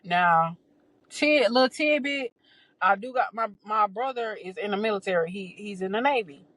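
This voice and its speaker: A woman, hosting a podcast and telling a personal story in a casual, animated way, laughing often and acting out the voices of others. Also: mid-range voice, normal speed, no echo, rough recording. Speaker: podcast host.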